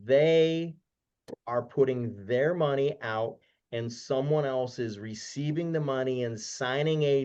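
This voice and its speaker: A man explaining lending points as a guest expert, deliberate and emphatic, repeating key points slowly. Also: medium pitch, darkish tone. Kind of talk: explanatory webinar talk. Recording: dull lo-fi online call audio.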